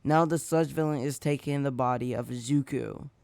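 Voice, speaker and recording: A man's voice: medium pitch, fairly even intonation, normal speed, vocal fry, a little mellow, no room sound. A man hosting his channel and narrating a fan story casually, rambling with slips and self-corrections.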